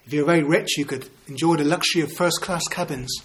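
Male preacher, 50s, earnest sermon delivery with rhetorical questions, slightly higher voice. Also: fast talker, a bit bright, a little hiss or hum. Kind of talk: evangelistic sermon.

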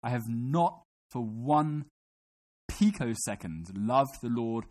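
A man's voice: mid-range voice, expressive, slow, darkish tone. A man preaching a sermon to a congregation in a room, teaching and putting questions to his listeners.

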